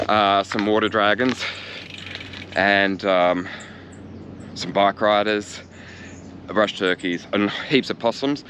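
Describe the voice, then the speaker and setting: Chatty Australian man with a low voice. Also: steady tone, slow, pauses often, fairly bright tone, a little hiss or hum. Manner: chatty, jokey, talks to himself. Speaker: cycling vlogger. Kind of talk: casual vlog commentary. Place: outdoors in a harbourside park.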